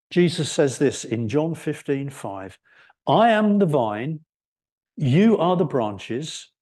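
A man preaching a sermon, explaining scripture in an unhurried way and lifting his voice on key words. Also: a little high, mellow. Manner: unhurried expository preaching, rising for emphasis.

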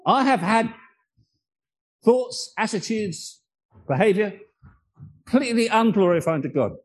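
A man's voice: high voice, animated, unhurried, breathy edge, poor audio. A man preaching a sermon, earnest and emotional, telling personal stories.

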